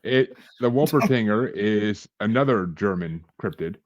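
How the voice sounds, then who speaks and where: A man's voice: fairly low pitch, expressive, measured pace, no room sound, dull audio. A man hosting a casual podcast, laughing often and restarting his sentences. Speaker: podcast host.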